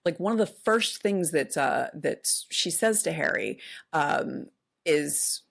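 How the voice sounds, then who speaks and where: A woman's voice: low voice, slow, gravelly. A woman in her forties co-hosting a podcast, chatting casually and retelling a film with lots of fillers and restarts. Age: 40s. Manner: animated retelling with many fillers. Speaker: podcast co-host. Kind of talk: casual chat.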